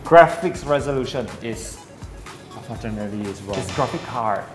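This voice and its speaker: A man's voice: medium pitch, expressive, moderate pace. A man with a Singaporean accent hosting a gaming quiz, teasing the players and dropping local slang. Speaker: quiz host. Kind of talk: casual quiz banter. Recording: echoey room with loud music behind.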